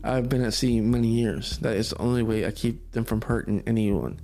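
A man voicing a haunted older man cursed by dolls, with a put-on Russian accent and slow, halting, broken English. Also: fairly low pitch, steady tone, vocal fry, warm tone, soft background music. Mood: weary.

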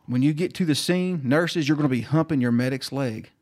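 Man, flight nurse guest on a podcast, animated storyteller who acts out every voice. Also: on the high side, a little fast. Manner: animated storyteller acting out dialogue.

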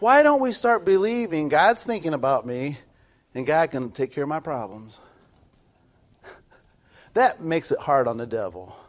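A man pastor preaching a sermon, swinging from quiet asides to shouted peaks, often restarting his sentences. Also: a little high, big pitch swings, measured pace, pauses often.

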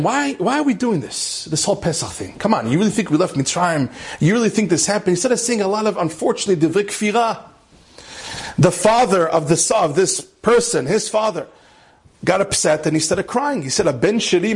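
A man, a rabbi, tells an inspirational story with mounting passion and sprinkles in Hebrew and Yiddish terms. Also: slightly rough. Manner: impassioned, climbs higher and louder at emotional peaks. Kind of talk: animated storytelling lecture.

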